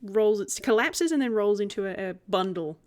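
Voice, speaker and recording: A woman's voice: mid-range voice, lively intonation, normal speed. A woman narrating and running a tabletop role-playing game as game master, descriptive and giggly.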